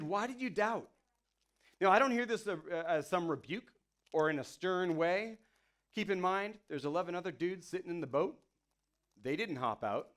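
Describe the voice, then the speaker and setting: Man, pastor, fairly high voice; relaxed talky sermon, playfully acts out quotes. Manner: conversational, lots of "you know" and "like". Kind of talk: casual sermon.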